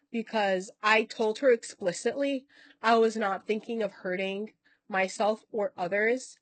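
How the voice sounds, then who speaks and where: A woman's voice: mid-range voice, no echo. A woman vlogger telling a long personal story in casual talk, rambling, correcting herself and swearing now and then. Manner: acts out other people's lines in quoted voices.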